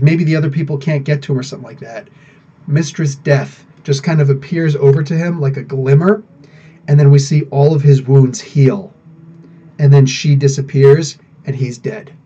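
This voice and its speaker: A man's voice: on the high side, slightly rough. A man hosting a live podcast stream, chatting casually, rambling and laughing as he answers viewers. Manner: rambling, animated, laughs often. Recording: dull lo-fi sound.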